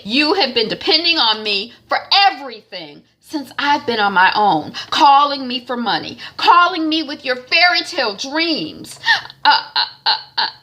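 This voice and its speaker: A woman doing a grieving mother, bitter, accusing, high voice, swinging pitch, bright tone. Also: big pitch swings, measured pace, exaggerated voice. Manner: accusing, rising to cries.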